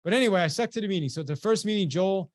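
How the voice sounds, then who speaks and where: A man giving a webinar as a sales trainer, telling a motivational story with lively energy and acting out the dialogue as he goes. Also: sits high, racing, no room sound, studio quality. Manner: animated storyteller who acts out quoted dialogue.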